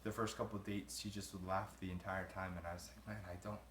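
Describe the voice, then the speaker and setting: A man's voice: sits low, flat delivery, fast, noisy background. A young man, a groom-to-be, answering interview questions in a casual, rambling way, trailing off and laughing between thoughts. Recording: roomy echo.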